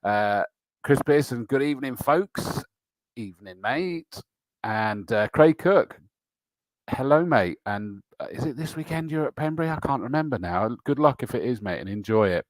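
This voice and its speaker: A man's voice: mid-range voice, lively intonation, moderate pace, dry recording. A middle-aged man hosting a motorsport livestream show, greeting viewers by name in a matey, casual way with lots of fillers. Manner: chatty and matey, frequent fillers and laughs. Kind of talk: casual live-stream chat reading viewer comments.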